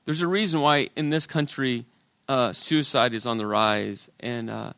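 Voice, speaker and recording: A middle-aged male pastor preaching a sermon, his delivery swinging from loud, emphatic lines to hushed, quiet ones. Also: mid-range voice, moderate pace, vocal fry, dry recording.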